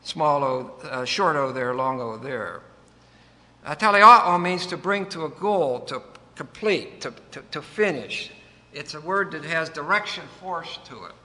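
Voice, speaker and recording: A man's voice: on the high side, lively intonation, measured pace, sharp tone. A man preaching a sermon, breaking down a Bible verse word by word, emphatic, with folksy joking asides. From United States. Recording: long reverb of a large hall.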